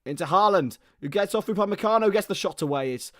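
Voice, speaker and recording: A young man giving excitable live football play-by-play on a stream, his voice starting to go hoarse, greeting viewers between plays. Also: high voice, fast, dry recording, studio quality. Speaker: football watchalong host.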